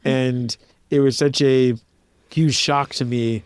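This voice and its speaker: A man's voice: mid-range voice, fairly even intonation, slow, clean tone, no echo. A man in his thirties, a composer and pianist being interviewed, telling stories in a casual, reflective way and filling his speech with "like". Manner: casual, reflective, many "like" fillers, acts out quoted voices. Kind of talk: relaxed interview storytelling.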